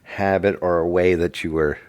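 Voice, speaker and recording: Deep-voiced middle-aged man, dry sound. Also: fairly even intonation, moderate pace, no room sound. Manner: jokey, rambling, repeats words, breaks into loud impressions. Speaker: podcast co-host. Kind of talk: casual religious podcast chat.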